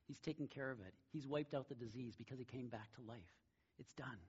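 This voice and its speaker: A middle-aged man delivers a sermon in a casual, storytelling manner, his voice a bit husky and breathy. The recording sounds dull and lo-fi. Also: medium pitch, brisk. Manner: conversational storytelling with a warm laugh. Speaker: pastor.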